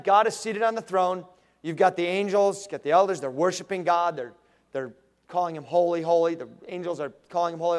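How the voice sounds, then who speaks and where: A man preaching a sermon as pastor, animated, acting out the voices he quotes. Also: high voice. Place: church sanctuary. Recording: long reverb of a large room.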